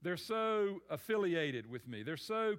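Guy preaching a sermon, kinda high voice, talks it through casually and repeats himself. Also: sing-song, unhurried, a bit bright, clean tone. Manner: conversational, repeats words while thinking aloud.

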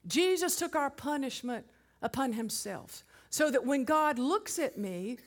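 High-voiced woman preaching a sermon. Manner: emphatic, rhetorical questions to the congregation.

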